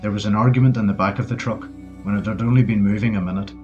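Male audiobook narrator, low voice, steady delivery, muffled recording. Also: fast talker. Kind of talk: scripted narration. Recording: dull lo-fi with faint music.

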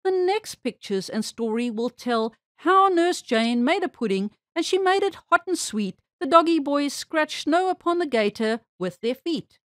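A woman reading a children's storybook aloud with expressive, animated storytelling. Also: high voice, unhurried, hardly any pauses, no room sound, studio quality.

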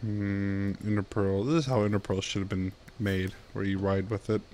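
A man's voice: fairly low pitch, little pitch movement, normal speed, darkish tone, slight background noise. A young man giving casual gameplay commentary, giggling and swearing at himself. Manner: giggly, self-mocking, swears often. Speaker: gaming YouTuber.

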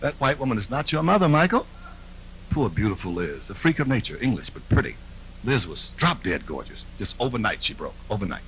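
A man's voice: fairly low pitch, big pitch swings, a little fast, fairly bright tone, slight background noise, poor audio. A man performing a live stand-up routine, brash and mocking, with confiding asides to the crowd. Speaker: stand-up comedian. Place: comedy stage.

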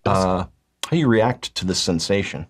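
A man narrating as dungeon master, halting and repeating words as he describes the scene. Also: deep voice, lively intonation, slightly rough. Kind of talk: narrating a tabletop game.

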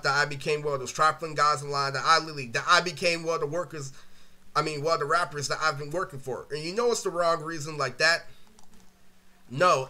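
A young man telling rambling, profane stories in a casual vlog rant, full of filler words and swearing. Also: fairly high pitch. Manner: animated, breaks into laughter and quoted impressions. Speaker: vlogger.

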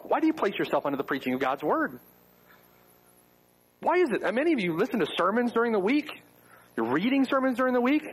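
Man, pastor, sermon, high husky voice, animated pitch, rhetorical questions. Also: rough recording. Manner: rhetorical questions, wry asides. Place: church.

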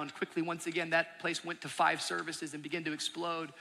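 A man's voice: a little high, level tone, brisk, hardly any pauses, sharp tone. A man in his thirties, a pastor giving a sermon, telling his church's story earnestly and building to emphatic peaks. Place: large church auditorium. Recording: long hall reverb from a large auditorium.

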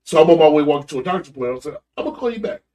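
A man's voice: fairly high pitch, animated, racing, dark tone, distant mic. A middle-aged man, a guest on a talk show, telling a story with emphasis and acting out every voice in it. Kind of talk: animated storytelling in casual chat. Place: podcast studio.

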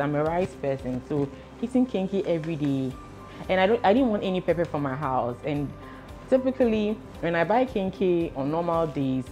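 Young woman vlogger, low-ish voice, chatty and emotional, slips into pidgin, faint music under her. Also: a little mellow. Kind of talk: casual pregnancy update vlog.

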